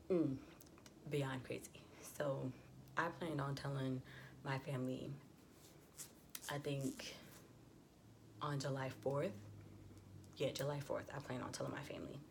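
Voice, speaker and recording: A woman's voice: very deep voice, a little mellow, a little hiss or hum. A young adult woman vlogger telling a personal story in a chatty, casual way, full of "like" and quoted dialogue.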